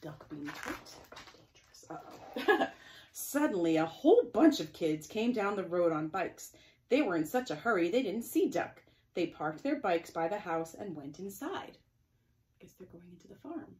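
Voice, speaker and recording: Gentle woman reading story time. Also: fairly low pitch, moderate pace, slight background noise. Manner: gentle, expressive, with chatty asides to children. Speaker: children's librarian.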